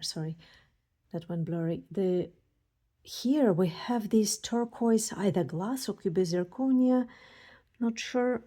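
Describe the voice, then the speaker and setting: A woman showing a beading kit and demonstrating earrings, gushing excitedly with scattered thoughts. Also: medium pitch. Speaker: beading designer and tutor. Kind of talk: casual unboxing and how-to demo.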